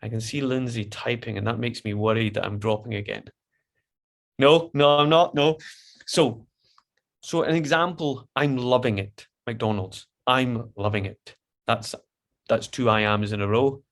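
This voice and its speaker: A man's voice: mid-range voice, normal speed, creaky. A man leading an online poetry workshop over a video call, chatty and encouraging, with frequent restarts.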